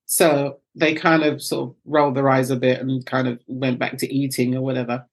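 A middle-aged British woman, a guest telling lively anecdotes and acting out the voices of the people in them. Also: rumbling low, moderate pace, gravelly. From United Kingdom. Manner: animated, acts out voices in her anecdotes. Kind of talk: storytelling interview.

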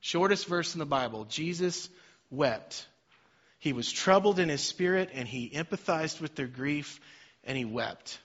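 Bright-voiced man preaching a sermon. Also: a little high, lively intonation, measured pace, dull audio. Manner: dynamic preaching with sudden loud and soft swings. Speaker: pastor.

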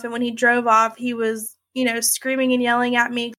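A woman's voice: on the high side, fairly even intonation, moderate pace, few pauses, bright, forceful tone, no room sound. A woman telling her own story in a candid, conversational way, with many fillers like "like" and "you know". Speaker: interviewee sharing her story.

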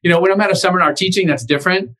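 Boston guy on a video call talking fast, spinning stories and doing little voices. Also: high voice, poor audio. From Boston area, USA. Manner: animated anecdotes, acts out quoted voices. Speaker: guest, real estate investor and author. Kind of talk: casual interview storytelling.

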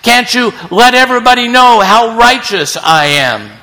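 A man's voice: very high-pitched, lively intonation, normal speed, sharp tone, voice pushed up, full character voice. A preacher voicing an indignant, self-pitying male prophet who pleads and complains that he deserves credit. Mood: pleading. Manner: whiny and pleading. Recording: long reverb in a large hall.

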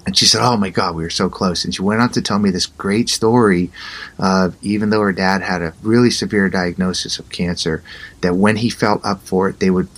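A man's voice: low-pitched, a little fast. A middle-aged man, an interview guest, telling a personal story in a conversational way and acting out the dialogue with animation. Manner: animated, acts out both sides of dialogue.

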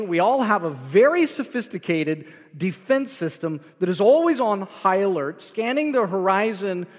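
A man's voice: high voice, long reverb tail. A man preaching a sermon as pastor, explaining scripture line by line with frequent restarts.

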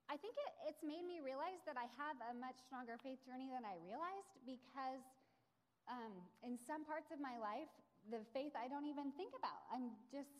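A woman's voice: sits high, in a large hall, poor audio. A woman sharing a testimony in church, explaining things in an earnest, teacherly way with chatty fillers. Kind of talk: on-stage demonstration and testimony.

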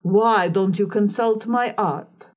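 A woman's voice: mid-range voice, darkish tone, natural voice. A woman playing a harsh old fortune-telling crone. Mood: probing. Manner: decided, deliberate, mocking.

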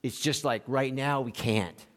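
A male pastor preaching an animated sermon, acting out quoted voices and chuckling between points. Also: mid-range voice, measured pace. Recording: long hall reverb.

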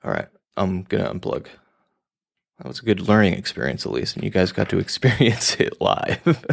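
A man's voice: low voice, very animated, normal speed, gravelly. A man hosting a podcast, talking in a rambling, casual monologue with some swearing, often laughing at himself. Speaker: podcast host.

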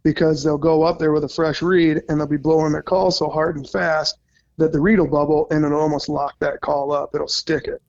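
This podcast guest, a goose-calling competitor from Minnesota, talks casually with a bit of rambling and some swearing. His voice leans high and is gravelly yet a little mellow, delivered briskly and flatly, with dull lo-fi sound.

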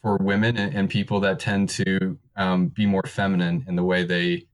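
A man's voice: deep voice, completely flat delivery, normal speed. A man talking openly and earnestly in casual podcast conversation. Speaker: podcaster, co-host.

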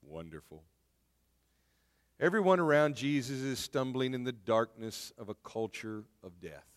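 A man's voice: mid-range voice, lively intonation, measured pace. A man preaching a sermon in a conversational way, often repeating words as he speaks. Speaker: pastor. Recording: long reverb of a church hall.

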